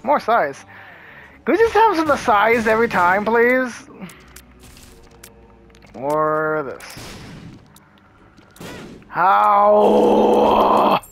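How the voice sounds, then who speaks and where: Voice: mid-range voice, very animated, slow pace, long pauses, fairly bright tone. A gameplay commentator talking through a hard run in casual let's-play style, nervous and muttering reactions with frequent swearing.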